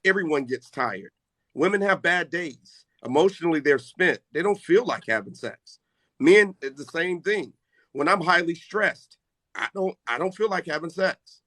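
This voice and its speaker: A man's voice: a little high, lively intonation, normal speed, a bit bright, no echo. A middle-aged man hosting a casual live chat, talking brash and boastful. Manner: brash, boastful trash talk. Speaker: live stream host.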